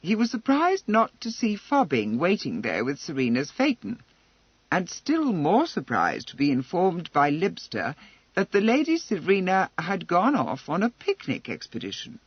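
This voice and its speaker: A man narrating a historical romance audiobook in an expressive, measured way. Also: high voice, breathy edge, no echo. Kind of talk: scripted narration. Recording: slightly dull lo-fi.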